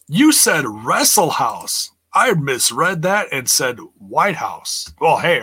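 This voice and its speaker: A man's voice: mid-range voice, bright, forceful tone, breathy edge, no room sound. A man casually recapping wrestling matches and reading live chat aloud, rambling and laughing often. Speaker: wrestling review host.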